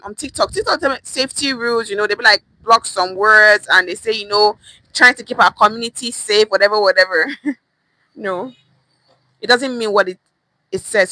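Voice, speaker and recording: A woman with a bright, rather high voice and a forceful tone coaches pidgin phrases on a live stream, emphatic and repetitive. She often checks in with "okay?" and is at times out of breath, and the audio is poor.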